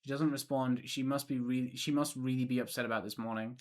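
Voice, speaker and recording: A young man on a stream reads a visual novel aloud, narrating as the protagonist. He keeps breaking off with joking, profane asides in a middle-pitched voice. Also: steady tone, a little fast.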